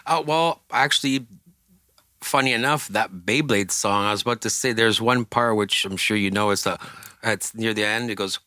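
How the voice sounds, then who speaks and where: A man's voice: lowish voice, moderate pace, bright, forceful tone, no echo, clean studio sound. A male rock singer telling stories in a casual interview, swearing freely and acting out the people he quotes in other voices. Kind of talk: casual storytelling.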